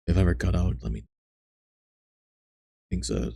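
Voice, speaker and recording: A man streaming, chatting softly and bluntly with viewers on a close microphone, teasing and swearing. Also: low voice, sing-song, normal speed, vocal fry, pauses often, slight background noise. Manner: blunt, profane, teasing chat. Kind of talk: soft-spoken ASMR stream chat. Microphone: close desk microphone.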